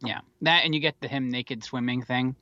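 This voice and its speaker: Male podcast co-host, casual and rambling, profane asides, crisp dry close sound. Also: medium pitch, steady tone, fairly quick, pushed and bright, no echo, dull audio. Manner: rambling, wry and profane, with many fillers. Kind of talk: casual movie chat.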